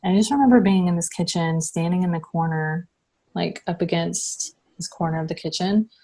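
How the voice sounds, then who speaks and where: A woman from the United States telling her own story as an interview guest, halting and full of restarts. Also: fairly low pitch, mellow. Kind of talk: personal recounting.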